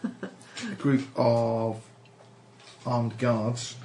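Guy running a tabletop game, dry low-key narration, echoey room. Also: animated, very slow, darkish tone. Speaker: game master. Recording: echoey room with background noise.

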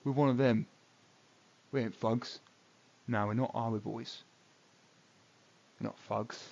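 A man's voice: medium pitch, steady tone, takes it slowly, gravelly, a little mellow. A man voicing a greasy, cocky male thug boss who sneers and bullies, and trips over his words. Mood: mock-offended. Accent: northern city accent of the game world. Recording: dull lo-fi recording.

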